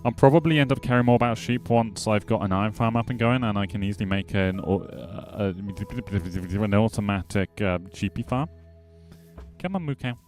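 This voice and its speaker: Chatty low-voiced man streaming a game. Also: moderate pace, few pauses, a little mellow, faint music behind. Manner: rambling and chatty, talks back to chat; playful, jokes at viewers. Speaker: gaming streamer. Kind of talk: casual gameplay commentary.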